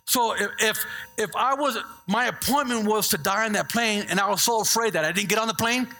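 A middle-aged man preaching a sermon as a pastor, telling stories with lively asides and checking in with the congregation. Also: high voice, fairly quick. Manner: animated storytelling with call-and-response asides.

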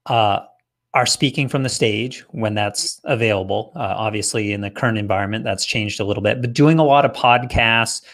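A man hosting a live-streamed interview, asking questions in a measured way with some filler words. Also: lowish voice, fairly bright tone. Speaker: podcast host.

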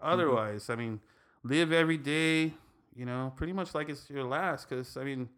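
A man's voice: medium pitch, normal speed, a bit bright, smooth. A man with a Hawaiian Pidgin accent, co-hosting a podcast and chatting in a laid-back, rambling way. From Hawaii and Tennessee. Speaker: podcast co-host. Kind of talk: casual chat.

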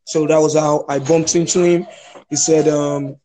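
A young man from Nigeria with a Nigerian accent, chatting casually on a podcast, often pausing and restarting his sentences. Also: on the high side, little pitch movement, dark tone. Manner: hesitant, many restarts and fillers. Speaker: podcast guest. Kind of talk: casual chat.

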